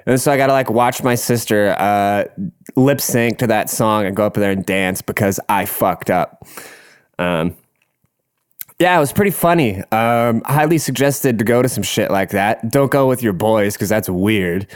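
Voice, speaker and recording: A man's voice: lowish voice, normal speed, smooth. A young man casually telling a rambling, profane story, laughing as he goes.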